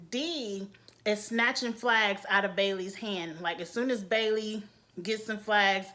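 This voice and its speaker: Woman vlogger, casual opinionated recap, higher-pitched and outspoken. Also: a bit bright. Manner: blunt, candid, chatty. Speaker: reality TV reviewer.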